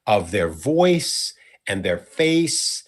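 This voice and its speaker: A man's voice: on the low side, sing-song, drawn-out words. A young man hosting a casual conversation, rambling and self-correcting with a playful streak. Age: young adult. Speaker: host.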